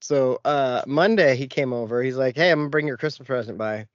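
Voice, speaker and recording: A man's voice: mid-range voice, brisk, no room sound, muffled recording. A man co-hosting a podcast, telling rambling stories in casual chat and laughing often. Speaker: podcast co-host.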